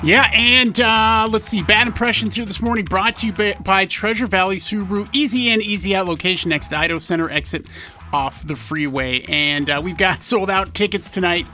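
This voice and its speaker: A man's voice: high voice, brisk, sharp tone, soft background music. A man co-hosting a morning radio show, reading sponsor plugs and talking with emphatic enthusiasm. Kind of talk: casual radio chat and game hosting. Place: radio studio. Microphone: studio microphone.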